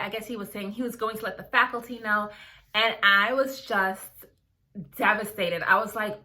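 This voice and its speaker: A young woman, a dermatology resident, chatting casually to her viewers in an animated storytelling vlog. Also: fairly high pitch, normal speed. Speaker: dermatology resident, video creator.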